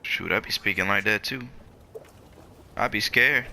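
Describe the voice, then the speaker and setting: Bright-voiced man joking through a game. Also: fairly low pitch, a little slow, vocal fry, slight background noise. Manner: jokey, reactive, talks back to the game. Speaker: gameplay video host. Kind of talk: casual gameplay commentary.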